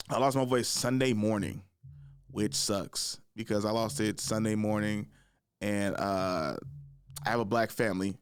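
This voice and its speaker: Young male podcast host, hoarse, casual storyteller, cussing freely, dry room. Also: lowish voice, no room sound. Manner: animated, swears a lot, acts out voices loudly. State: hoarse from lost voice.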